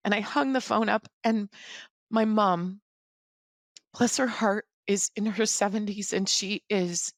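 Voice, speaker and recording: A woman's voice: medium pitch, fairly even intonation, no room sound. Earnest woman, dry close sound. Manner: earnest, halting, reflective. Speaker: podcast guest. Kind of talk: personal storytelling in an interview.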